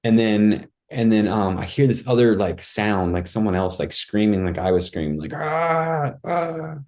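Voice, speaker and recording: A man's voice: lowish voice, moderate pace, dark tone. A man guest on a podcast, telling a personal story in casual talk, acting out his own cries and thoughts and saying "dude" and "like" a lot.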